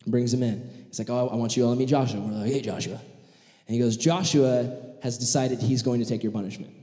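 Animated male preacher in an echoey hall. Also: medium pitch, fast. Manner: animated storytelling, acting out voices. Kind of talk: sermon with acted-out story. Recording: echoey hall with long reverb.

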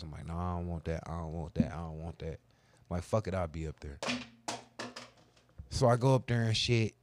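A man on a casual talk show, telling crude, boastful stories in a profane, animated way. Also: low-pitched. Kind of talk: casual storytelling chat.

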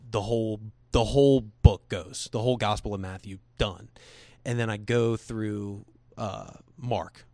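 Lowish-voiced man telling a rambling story. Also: measured pace, a little mellow, dry recording. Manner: earnest, rambling with restarts, quotes voices casually. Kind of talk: casual personal storytelling.

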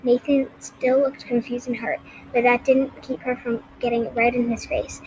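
A woman reading a novel aloud with steady, clear storytelling. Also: a little high, moderate pace, slight background noise, poor audio. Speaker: audiobook reader.

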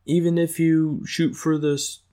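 A man doing a high, cocky flirty cartoon guy. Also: flat delivery, measured pace, dark tone, lightly acted. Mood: encouraging.

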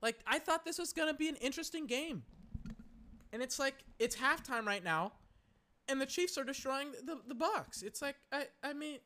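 Kicked back in a recliner at home, a young podcast host gives casual live commentary on a game, rambling and exasperated, with lots of fillers and swearing. His voice is very high-pitched, animated and bright, with a forceful tone at a moderate pace.

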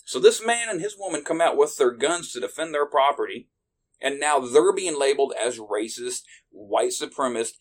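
A man with a mid-range voice rants angrily as a podcast host. He swears constantly, and his delivery flares into loud, heated bursts. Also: mid-range voice. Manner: profane, heated, shouting bursts. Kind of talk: angry political rant.

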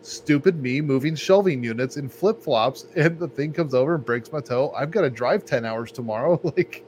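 A man's voice: medium pitch, moderate pace, a little mellow. A man co-hosting a podcast, telling stories in a laid-back, rambling way full of "like". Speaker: podcast co-host. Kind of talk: casual podcast chat. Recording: faint background noise.

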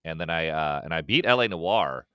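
A man's voice: very deep voice, expressive, moderate pace, a bit bright, clear, resonant tone, no echo. A young man, a musician guest, chatting casually on a podcast, rambling with restarts and swearing. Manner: rambling, profane, many restarts and acted-out quotes.

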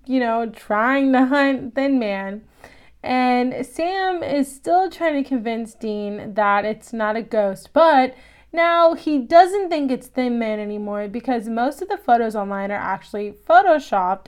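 Chatty woman recapping an episode, smooth voice. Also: fairly high pitch. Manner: chatty and animated, laughs often, acts out quoted lines.

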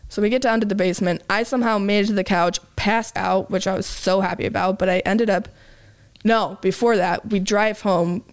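A woman's voice: mid-range voice, steady tone, brisk, clear, resonant tone. A young woman co-hosting a podcast, telling a story in a chatty way, full of "like" and acted-out quotes. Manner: chatty, lots of "like", acts out quotes. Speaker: podcast co-host. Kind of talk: casual storytelling chat.

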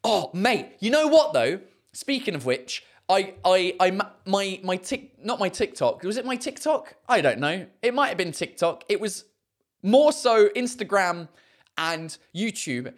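A man with an English accent hosting a casual live stream, rambling excitedly, swearing freely and laughing often. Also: high-pitched, unhurried. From England. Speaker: livestream host reading chat.

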